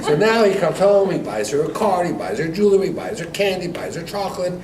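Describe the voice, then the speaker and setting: A man, a rabbi, teaching a Torah class to students, telling a story with lively acted-out dialogue and frequent laughter. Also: high-pitched, a little fast, hardly any pauses. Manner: animated joke-telling, acting out dialogue, laughs often. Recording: echoey room recorded from far off, noisy.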